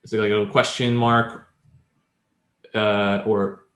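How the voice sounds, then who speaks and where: Male podcast co-host, fairly low voice, rambling explainer, roomy echo. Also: level tone, slow pace, fairly bright tone. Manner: chatty, many fillers, explains step by step. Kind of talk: casual language-learning chat.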